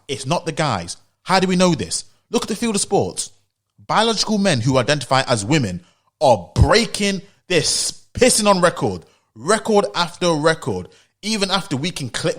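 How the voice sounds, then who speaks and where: A British man giving an opinion commentary monologue, insistent and emphatic, driving his points home with rhetorical questions and repetition. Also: fairly high pitch. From United Kingdom. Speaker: opinion vlogger.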